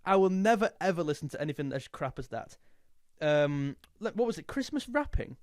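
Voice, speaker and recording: A man's voice: fairly high pitch, big pitch swings, fairly quick, dry recording, clean studio sound. A young man chatting casually and jokily, now and then singing a snatch of a song. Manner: jokey, snatches of sung lines. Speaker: music youtuber. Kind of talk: casual chat.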